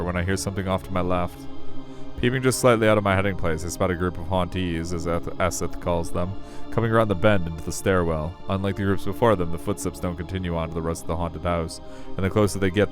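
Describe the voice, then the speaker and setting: Man, deep voice, wry self-deprecating game narration, soft music underneath. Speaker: visual novel reader. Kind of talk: reading a visual novel aloud. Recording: faint music behind.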